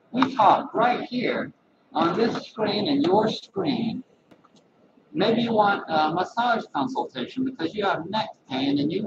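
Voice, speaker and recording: Animated, gravelly man vlogging. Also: high voice. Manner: rambling, animated, folksy asides. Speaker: massage therapist. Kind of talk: casual vlog talk to camera. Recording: echoey lo-fi webcam audio from a distance with loud background noise.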